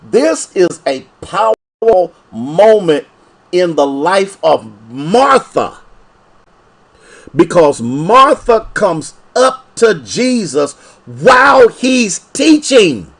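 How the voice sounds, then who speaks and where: A man from Ohio preaching a sermon as pastor, with animated, repetitive call-and-response phrasing. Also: sits high, slow pace, breathy edge.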